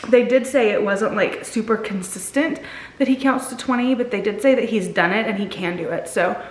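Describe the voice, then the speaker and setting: Her mid-range voice moves at a moderate pace as this thirty-something vlogger and mom, clearly tired, rambles candidly to viewers from the stairs of her home. The roomy recording has a slight hiss or hum.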